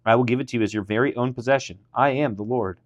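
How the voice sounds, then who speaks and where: A man's voice: medium pitch, fast, dry recording, dull audio. A man, a pastor, reading scripture aloud on a podcast and lifting his voice for the quoted speech.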